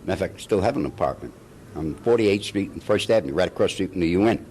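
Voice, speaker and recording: Older New man, low voice with lively swings, chatty storyteller, faint room noise behind. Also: rapid-fire. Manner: animated anecdotes with laughs and acted-out quotes. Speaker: interview guest, actor. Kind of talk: storytelling in a casual interview.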